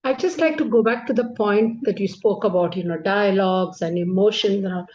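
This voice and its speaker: A woman hosting an online interview, asking questions in a gentle, hesitant way over a video call. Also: mid-range voice, a little fast, slight background noise. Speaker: interview host. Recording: muffled call audio.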